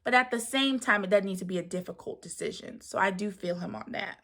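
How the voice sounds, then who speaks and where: A woman's voice: medium pitch, brisk, creaky, pushed and bright. Chatty woman recapping reality TV. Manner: chatty, with many fillers and sighs. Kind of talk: casual spoken recap.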